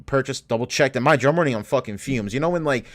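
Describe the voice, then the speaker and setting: A man's voice: medium pitch, fast talker. Young male podcast co-host, casual and profane, gets heated while telling stories. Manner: animated, profane, gets worked up retelling. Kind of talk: casual storytelling chat.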